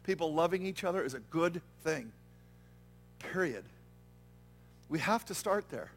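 Man, pastor, high voice, earnest conversational sermon, checks in with listeners. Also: lively intonation, measured pace, vocal fry, soft background music. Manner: earnest, conversational preaching with frequent "okay?" and "right?" check-ins. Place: church.

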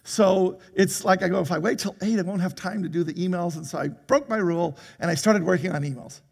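An older man preaching a sermon to his congregation, telling a story in an animated way and laughing as he goes. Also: high voice, brisk, vocal fry. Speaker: pastor. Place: church hall.

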